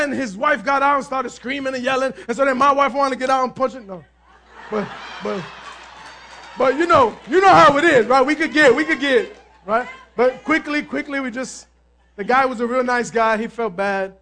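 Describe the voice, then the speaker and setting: A male pastor preaching a sermon, telling stories with lively energy, calling out to the congregation and sometimes shouting. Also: very high voice, a little fast. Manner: animated storytelling, asks the crowd "amen?", bursts of shouting.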